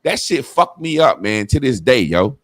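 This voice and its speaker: A man's voice: mid-range voice, big pitch swings, normal speed, dry recording. A man telling a childhood story in casual, profane talk, acting out the people he quotes. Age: adult.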